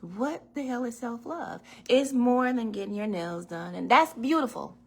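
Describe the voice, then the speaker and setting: Woman host, casual kitchen-livestream chat, slightly gravelly voice, laughs and curses freely. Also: fairly high pitch, measured pace. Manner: chatty storyteller, laughs and swears freely. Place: home kitchen. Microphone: phone or webcam in a home kitchen.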